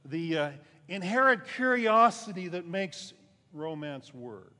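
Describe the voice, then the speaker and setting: A man's voice: very animated, slow, bright, forceful tone. Preaching man in a reverberant hall. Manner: conversational preaching, rising for emphasis then dropping low. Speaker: pastor. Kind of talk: sermon.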